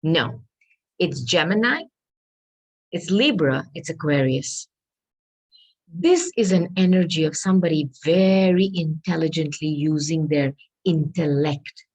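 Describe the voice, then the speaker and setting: A woman tarot reader talking her way through a reading, repeating herself and adding hedging asides, clearing her throat as she loses her voice. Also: low voice, measured pace, darkish tone, rough recording. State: losing her voice.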